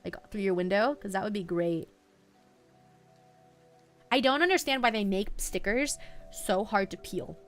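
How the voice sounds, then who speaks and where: A woman's voice: medium pitch, expressive, unhurried, long pauses, faint music behind. A woman live streamer chatting casually and playfully with her viewers, giggling as she reacts.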